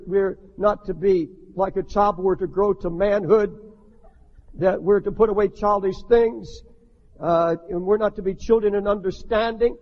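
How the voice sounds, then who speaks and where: An older man preaching a sermon as a pastor, impassioned, rising to shouts, with many restarts. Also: sits high. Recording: dull archival recording in a long-echo hall.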